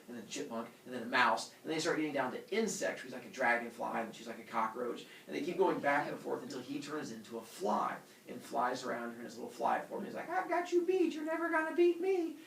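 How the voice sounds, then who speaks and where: Brief: animated male teacher spinning a myth, gravelly voice, recorded from the back of an echoey classroom. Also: mid-range voice, fast talker, hardly any pauses. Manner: casual, animated, filler-heavy with sound effects. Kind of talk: storytelling lesson. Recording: roomy classroom from far off.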